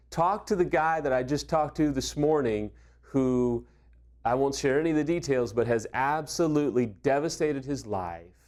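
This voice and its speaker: A man's voice: medium pitch, a little mellow. A middle-aged man speaking as a recovery coach, giving earnest, conversational advice and acting out bits of dialogue. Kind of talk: direct-to-camera advice talk.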